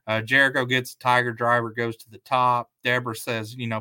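A man co-hosts a podcast and runs through match recaps in loose, easy chat. His voice is bright and forward, and his talk rambles, full of fillers and restarts. The sound is dry and close. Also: medium pitch, fairly even intonation, normal speed, clean tone, no room sound. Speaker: podcast co-host.

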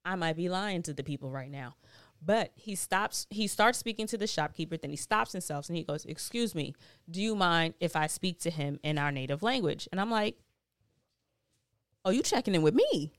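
A woman's voice: lowish voice, brisk, clear, resonant tone, no echo. Chatty, cussing woman telling a story. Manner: chatty, profane, animated retelling with slang. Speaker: podcast host. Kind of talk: casual storytelling monologue.

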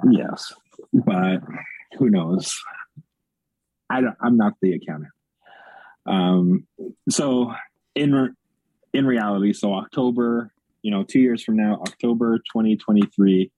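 Low, husky man with dry close sound. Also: measured pace, long pauses, dry recording, phone-quality sound. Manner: teasing, blunt, swears. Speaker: podcast co-host. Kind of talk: casual movie-review chat.

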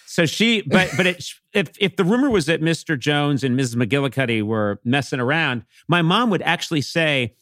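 A middle-aged man from Massachusetts, a podcast guest telling comic stories with animated, playful swings into character voices. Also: fairly high pitch, normal speed, hardly any pauses, no echo, clean studio sound. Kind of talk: comic storytelling.

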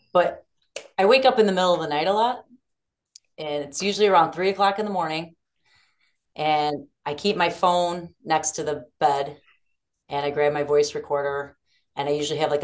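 Low-voiced chatty woman. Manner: chatty, laughing, rambling storyteller. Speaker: band singer and songwriter. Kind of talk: casual interview chat.

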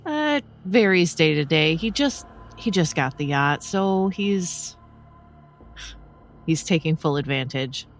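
Mid-pitched gravelly player, casual hesitant in-character talk. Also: lively intonation, takes it slowly, soft background music. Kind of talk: casual tabletop role-play.

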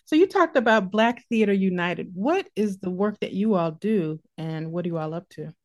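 A woman's voice: medium pitch, lively intonation, moderate pace, darkish tone. A woman with a Midwestern accent hosting a casual interview over a video call, bubbly and laughing often. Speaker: interviewer, host.

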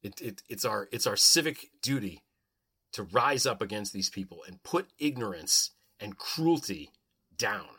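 A man's voice: lowish voice, lively intonation, unhurried, bright, forceful tone, slightly rough. A man hosting his podcast, speaking earnestly and emphatically, sometimes rambling as he interviews a guest. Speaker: podcast host.

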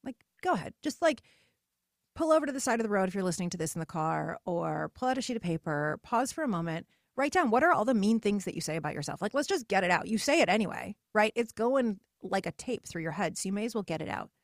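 A middle-aged woman hosting a podcast, talking in a chatty, animated way and acting out the voices she quotes. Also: mid-range voice, fast, dry recording, studio quality. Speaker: podcast host. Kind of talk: casual solo podcast monologue.

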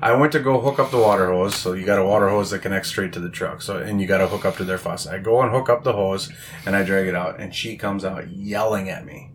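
A man's voice: on the low side, fast, slight background noise. A young man casually and animatedly telling work stories in a podcast interview, often laughing.

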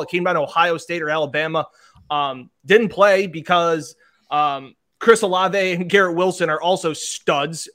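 A man's voice: a little high, a bit bright. A man talking football as a show regular, chatty and telling stories about player interviews. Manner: chatty storyteller, mimics interview exchanges. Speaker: sports reporter. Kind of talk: sports talk discussion.

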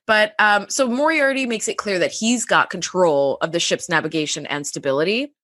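A woman's voice: mid-range voice, normal speed, fairly bright tone, no echo, studio quality. A woman co-hosting a podcast, chatting casually and animatedly, acting out lines and laughing often. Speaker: podcast co-host. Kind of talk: casual recap chat.

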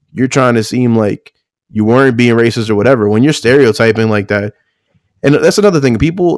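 A man's voice: medium pitch, no echo, studio quality. A man on a podcast telling stories in casual chat, swearing and laughing often. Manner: loose, profane, laughs often, acts out quotes.

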